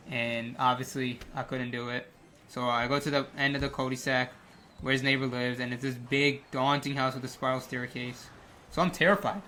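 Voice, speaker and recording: Young male gaming creator, bright forceful voice, rambling animated storyteller with lots of fillers. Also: mid-range voice. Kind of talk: casual storytelling over gameplay.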